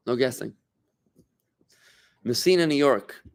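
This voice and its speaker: This rabbi's voice sits on the high side, clean in tone, moving at a moderate pace with frequent pauses. Teaching a small group informally in a room, he chats casually, restarts his sentences a lot, and turns to the room with questions.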